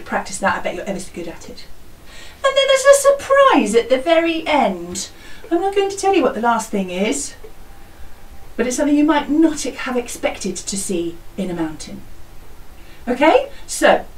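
Slow-speaking music teacher. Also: female voice, mid-range voice, reverberant, distant mic, slight background noise, low-quality recording. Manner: slow, clear and encouraging, sings parts and animal sounds. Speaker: music teacher leading a school singalong. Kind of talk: teaching a song to children.

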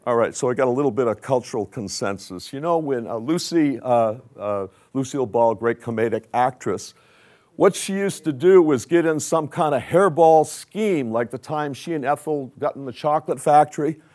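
A man's voice: medium pitch, normal speed, a little mellow. An older man giving a conversational conference lecture with slides, asking the audience questions. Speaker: conference speaker.

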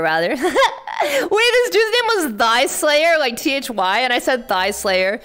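A woman streamer with a high voice that leaps all over the place. She chats casually and playfully with her viewers and often bursts into shouts and laughs. Faint music plays underneath. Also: very animated, a little slow, smooth. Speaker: livestreamer. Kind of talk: casual livestream chat greeting viewers.

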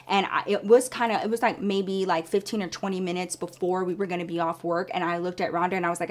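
A woman's voice: mid-range voice, a little fast. A woman vlogger telling a story to her viewers in a casual, chatty way, calling them girl and y'all.

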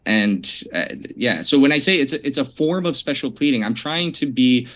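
A man in a debate answering calmly, explaining his position with a casual, slightly hesitant manner. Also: mid-range voice, normal speed.

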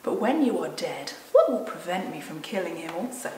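A woman voicing a cold, cruel witch who gloats over her victim, speaking slowly and low and sinking to a whisper. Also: sing-song, dark tone, slight background noise. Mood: gloating, menacing. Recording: roomy echo from a distant mic.

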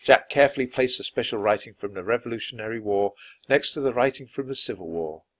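A man reading a children's chapter book aloud, narrating clearly and expressively. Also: mid-range voice, fast talker, a bit bright. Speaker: storybook reader.

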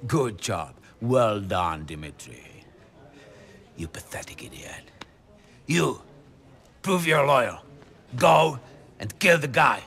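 An actor playing a volatile, paranoid middle-aged crime boss who barks threats and orders. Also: male voice, a little high, animated, slow pace, vocal fry, long pauses, fairly bright tone, full character voice. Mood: menacing. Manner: menacing, erratic, barking orders.

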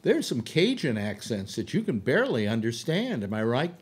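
A man's voice: mid-range voice, moderate pace, slightly rough. An American man hosts a loose panel conversation, his voice rising and falling a lot. He stumbles through restarts and fillers as he thinks aloud. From United States. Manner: animated, full of restarts and fillers. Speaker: host. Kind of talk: casual panel chat. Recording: online call audio.

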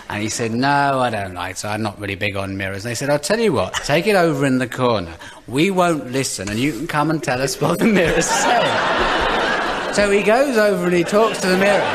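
Man spinning a comic tale over loud laughter. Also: medium pitch, noisy background. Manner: brisk, playful storyteller acting out quick voices. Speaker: comedy panellist. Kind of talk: improvised comic storytelling. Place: radio studio before a live audience. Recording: loud audience laughter behind.

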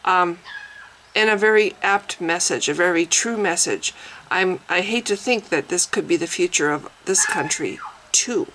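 A woman's voice: on the low side, moderate pace, fairly bright tone, slight background noise, poor audio. A woman vlogger giving an angry reaction rant, indignant and swearing, often stopping and restarting her sentences.

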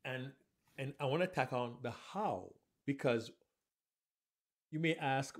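Co-hosting a live podcast about public speaking, a man who coaches speakers explains techniques and animatedly acts out examples. He talks at a medium pitch, slowly, with long pauses.

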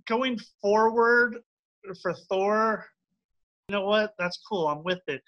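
A man ranting and swearing in a casual debate, mocking his opponent's side with quick put-on quotes. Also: sits high, highs cut off. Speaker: debater defending a film.

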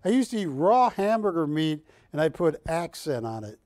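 A man with a fairly high voice hosts a live shopping broadcast at a moderate pace, captured in a dry recording. Selling art, he keeps things joking and animated while teasing his co-hosts.

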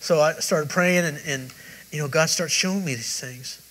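Male preacher, high voice, rambling testimony, sermon at a church service. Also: normal speed, a bit bright, low-quality recording. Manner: rambling, conversational storytelling with many restarts.

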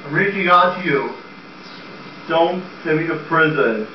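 A blustering middle-aged theater producer, all bombast and shouting, as a man plays him. The voice rides high and swoops all over. It sounds distant in a boomy, echoey room on a dull, lo-fi tape. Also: lively intonation, measured pace, a little hiss or hum. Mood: pleading. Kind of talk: amateur comedy sketch.

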